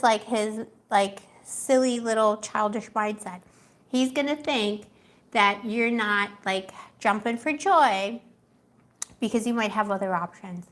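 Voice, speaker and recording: With a fairly high pitch, a young tarot reader chats her way casually through a live reading, full of fillers and frequent laughter.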